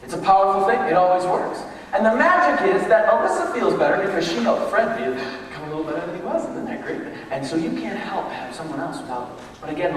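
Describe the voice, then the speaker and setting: Animated man leading a workshop, echoey hall. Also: fairly high pitch, a little hiss or hum. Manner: animated storytelling, acts out quotes. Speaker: leadership workshop presenter. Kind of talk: motivational workshop talk. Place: large room with tables, echoey. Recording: echoey hall from far off, faint ambience.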